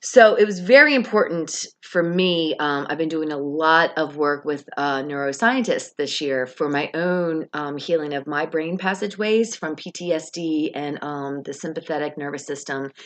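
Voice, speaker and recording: A young adult woman telling a lively, casual story about her faith, acting out her own words and other people's as she goes. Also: deep voice, moderate pace, few pauses. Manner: animated, rising excitement, quoting herself and others. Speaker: vlogger sharing a faith testimony.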